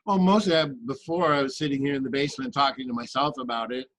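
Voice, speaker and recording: A man talking earnestly and with passion in a group discussion, with halting restarts. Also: medium pitch, fairly even intonation, a bit bright, no echo, rough recording. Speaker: guest in a remote viewing discussion.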